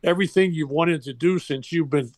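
A man's voice: on the high side, fairly quick, no room sound. An older man and former baseball coach, telling a personal story in a heartfelt, rambling way with restarts.

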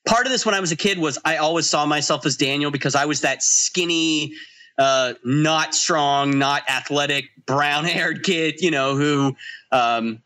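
A man's voice: on the high side, a little slow, bright, forceful tone. An American man co-hosting a podcast, talking reflectively in casual chat and laughing readily. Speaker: podcast co-host.

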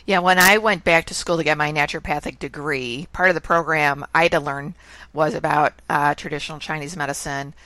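A woman with a notably low voice hosts a podcast, talking in an easy conversational way and asking curious questions. Her voice is close and dry, with no room sound around it. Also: steady tone, brisk, sharp tone, no echo. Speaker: podcast host. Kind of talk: casual interview.

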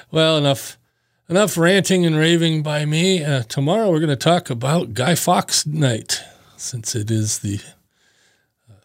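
A man's voice: medium pitch, creaky, dry recording, studio quality. A man hosting his own podcast, talking casually in a rambling way with many fillers. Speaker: podcast host. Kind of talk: casual solo podcast monologue.

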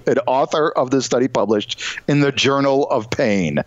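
A man co-hosting a podcast, reading news items and cracking quick puns with many fillers. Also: mid-range voice, dry recording, highs cut off. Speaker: podcast co-host. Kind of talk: casual comedic chat.

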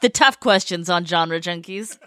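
A woman hosting an interview podcast, enthusiastic and quick to laugh. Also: on the low side, bright, forceful tone, dry recording, clean studio sound. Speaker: podcast host. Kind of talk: casual interview chat.

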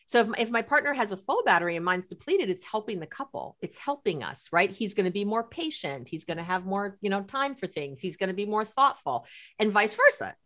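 A middle-aged New York City woman, a couples therapist, speaks at medium pitch and a fairly quick clip. She's telling stories in a podcast conversation, animatedly acting out what people said.

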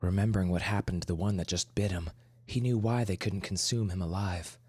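A man narrating a horror story in a measured, dramatic way, sometimes dropping to a whisper. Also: low-pitched, fairly even intonation, a little mellow, no room sound, clean studio sound. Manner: measured, dramatic, drops to a whisper for tense moments. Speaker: podcast host and story narrator. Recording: narration over clear music.

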